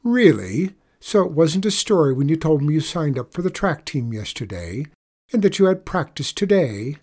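A man's voice: medium pitch, animated, normal speed, darkish tone, breathy edge. A man voicing a stressed, short-tempered mother in a spoken story. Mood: exasperated. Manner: curt and exasperated. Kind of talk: audiobook character voice.

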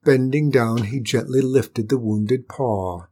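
Storybook narrator, calm and measured, husky man, mid-pitched. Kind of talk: storybook reading.

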